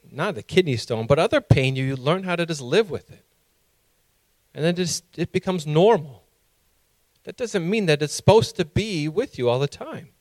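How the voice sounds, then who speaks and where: A male preacher with a fairly high voice delivers a sermon, moving between scripture reading and a lively personal story. He acts out his own past lines loudly, and the sound is close and dry. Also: no echo.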